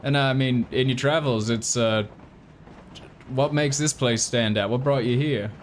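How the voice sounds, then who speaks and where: A man's voice: mid-range voice, measured pace, a little hiss or hum, natural voice. A man voicing a grieving widowed father who is earnest and folksy, talking in a rambling, stammering way. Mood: friendly.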